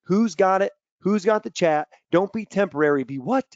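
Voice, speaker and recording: A man running a webinar for young athletes, full of energy, who tells stories and bursts into loud acted-out quotes. His voice sits a bit high. The audio is dry and a little dull, as on a video call. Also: expressive, normal speed, no room sound. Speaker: mental performance coach.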